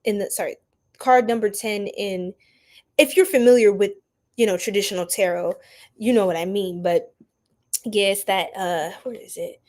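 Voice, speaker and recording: A young adult woman hosting a tarot reading livestream, chatting casually with viewers in an animated, slangy way and laughing often. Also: medium pitch, normal speed. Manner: animated, laughing, preachy slang-filled asides. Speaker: tarot reader livestream host.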